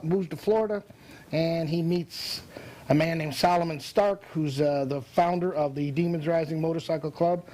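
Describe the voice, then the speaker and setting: A man appearing as a guest author in a casual interview, talking in a relaxed, self-deprecating way. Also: fairly high pitch, low-quality recording.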